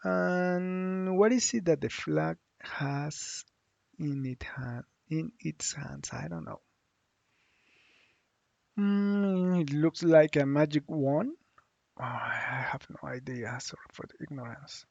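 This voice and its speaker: A man teaching a lesson, thinking aloud slowly with hums and restarts as he works on screen. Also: on the high side, gravelly, darkish tone, dry recording, muffled recording. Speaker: Spanish teacher. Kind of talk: screen-share language lesson.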